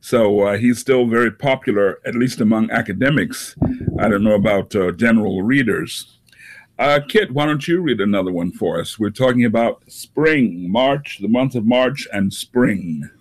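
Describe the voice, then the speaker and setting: A man hosting a casual poetry talk, pausing often with many fillers. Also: fairly low pitch. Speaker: radio poetry show host. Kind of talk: casual chat.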